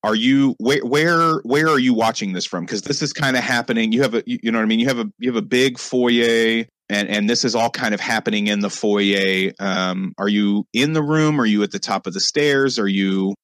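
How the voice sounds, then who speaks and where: A man's voice: lowish voice, normal speed, few pauses, fairly bright tone, dry recording. A man narrating as game master, rambling with many fillers and repeated asides.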